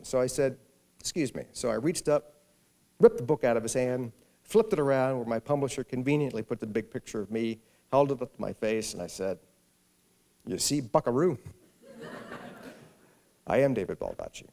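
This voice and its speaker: Before a live audience in an event hall, a middle-aged man who is the featured author at a library event performs a humorous story, playing each of its characters. He speaks at a medium pitch with a somewhat dark tone.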